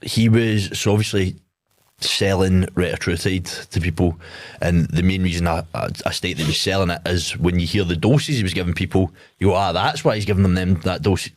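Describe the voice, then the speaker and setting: A Scottish man with a low voice talks bluntly on a podcast, swearing and mocking. His voice sounds dry and close to the mic, with no room around it. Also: brisk, dry recording. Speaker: podcast co-host. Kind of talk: casual chat.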